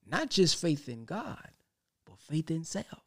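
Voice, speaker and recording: A man's voice: a little high, big pitch swings, takes it slowly. A man hosting a podcast, giving a casual spiritual talk in a colloquial, emphatic style with rhetorical questions.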